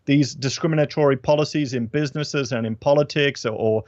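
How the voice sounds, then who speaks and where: Give me an Australian man with a mid-pitched voice giving long earnest opinions over a muffled line. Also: fairly quick, darkish tone, no room sound. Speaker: guest. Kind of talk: casual political chat.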